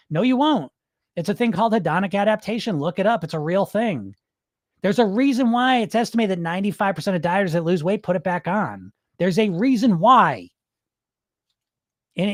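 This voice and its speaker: A man coaching about weight loss on a live stream in casual talk, excitable and blunt, swearing as he gets worked up. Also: high voice, dry recording, clean studio sound. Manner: informal and blunt.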